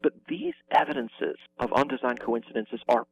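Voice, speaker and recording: A man as an interview guest, explaining with emphatic energy and quick restarts. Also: mid-range voice, wildly swooping pitch, vocal fry, slight background noise, poor audio. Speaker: guest explaining biblical evidence.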